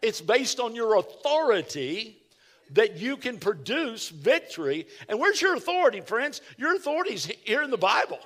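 High-voiced preaching pastor. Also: male voice, sing-song, normal speed, fairly bright tone. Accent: Texan. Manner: emphatic, calls out to the congregation. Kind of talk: sermon.

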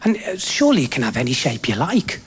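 A man doing a bawdy stand-up routine, breaking into exasperated, high-pitched rants. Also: sing-song, quick pace, husky. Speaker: stand-up comedian. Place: theatre stage with a laughing audience. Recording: live theatre recording with loud audience noise.

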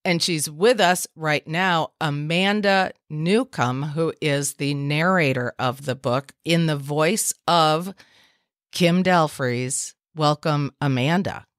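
A woman with a very low voice hosts a podcast, talking slowly and unhurriedly. She chats casually with her guests and shows open enthusiasm. The sound is dry and close. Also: no room sound. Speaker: podcast host. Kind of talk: casual interview chat.

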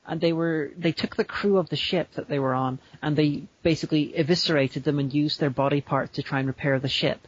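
A man's voice: fairly high pitch, fairly even intonation, a little fast, few pauses, muffled recording, slight background noise. A man co-hosting a podcast in casual chat, rambling and breaking into silly voices. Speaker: podcast co-host.

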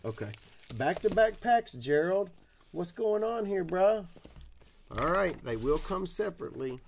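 Hosting a card-breaking live stream, this man from Tennessee has a high, creaky, sing-song voice and an unhurried delivery, though his casual chat is rowdy, profane and full of whoops. There's slight background noise.

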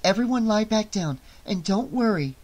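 A man's voice: high voice, lively intonation, normal speed, fairly bright tone, voice pushed up. A man voicing a frightened teenage girl who pleads and screams in terror, in an audiobook reading. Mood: trembling.

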